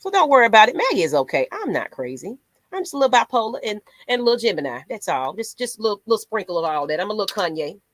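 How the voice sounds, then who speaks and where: Sassy and dramatic, this sports channel host rants through her animated fan commentary, slipping into mock voices along the way. She talks in a rapid-fire, sing-song manner at a medium pitch, and the recording has no room sound.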